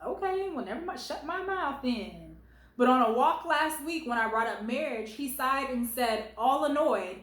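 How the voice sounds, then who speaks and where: A woman with a fairly high voice gives sassy, animated commentary on stories she reads aloud. She talks straight to the poster, calling her baby and girl. Her voice rings in an echoey room at home. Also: normal speed. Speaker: host reading online stories.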